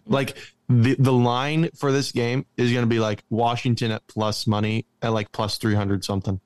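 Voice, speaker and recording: A man's voice: mid-range voice, flat delivery, normal speed, darkish tone, smooth, no room sound, clean studio sound. A man co-hosting a casual sports podcast, joking around and arguing about betting on favorites. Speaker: podcast co-host.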